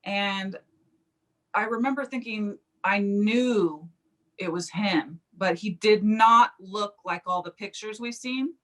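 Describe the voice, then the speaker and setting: A woman's voice: mid-range voice, takes it slowly. A woman, a psychic medium, telling a personal story in an interview and acting out the quoted speech. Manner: animated, acts out quoted speech.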